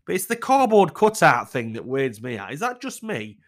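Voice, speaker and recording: A man talks through readers' letters in a loose, candid chat. His voice sits at an ordinary middle pitch. His manner is blunt and chatty, with plenty of swearing. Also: big pitch swings, moderate pace. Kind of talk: casual commentary, reading out letters.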